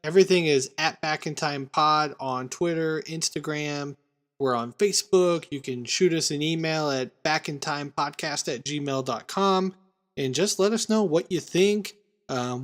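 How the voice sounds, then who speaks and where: A man co-hosting a casual movie podcast, chatting and previewing upcoming films. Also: a little high. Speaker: podcast co-host.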